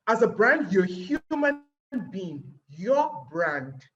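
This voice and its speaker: Animated Nigerian woman giving a webinar talk. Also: mid-range voice, slow pace, muffled recording. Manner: animated, acting out little scenes and asking rhetorical questions. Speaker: guest speaker.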